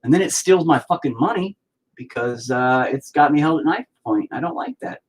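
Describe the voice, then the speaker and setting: Husky, foul-mouthed man painting. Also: on the high side, expressive, normal speed. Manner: profane, self-deprecating rambling. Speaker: painting vlogger. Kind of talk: casual commentary while painting.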